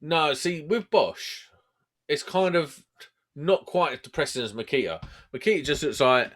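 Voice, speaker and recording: A man hosts a podcast, telling stories in casual, laddish banter. His voice is on the high side and a bit bright, at a moderate pace.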